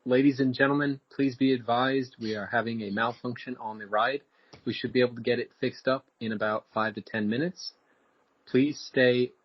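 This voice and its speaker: A man's voice: mid-range voice, husky, close to an everyday voice. A man voicing a theme-park intercom announcer, giving a formal, reassuring safety message. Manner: formal, reassuring public-address delivery. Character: male ride intercom announcer. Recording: dull, lo-fi, dry podcast mic.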